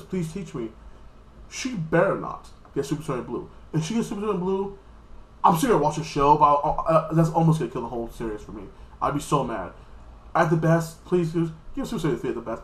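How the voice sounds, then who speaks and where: An American man giving a casual, rambling and profane recap of an anime episode, now and then jumping into high, squeaky mock voices. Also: a bit bright, reverberant, rough recording. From United States. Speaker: anime reviewer.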